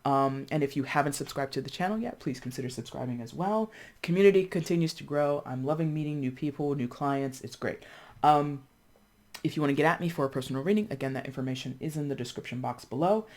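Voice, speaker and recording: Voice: medium pitch, fast, a little mellow. A tarot reader giving a casual reading to camera, chatting freely with many fillers and restarts and acting out how other people would react. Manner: thinks aloud with frequent fillers and restarts.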